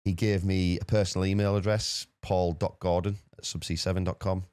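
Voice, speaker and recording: Telling a story as a podcast guest, this man from the UK speaks casually, quickly and with animation, repeating many words. His low voice is clear and resonant, with no room sound.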